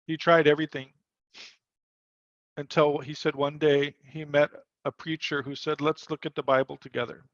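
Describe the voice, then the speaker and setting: A man's voice: fairly high pitch, little pitch movement, moderate pace, dry recording, highs cut off. A man leading a spiritual workshop over a video call, telling a story earnestly and quoting the people in it. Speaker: workshop leader.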